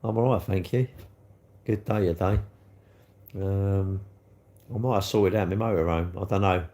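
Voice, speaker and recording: A man chatting casually with viewers on a livestream, bantering as he reads comments, his throat a little hoarse. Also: sits low, steady tone, moderate pace, mellow. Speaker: livestream host.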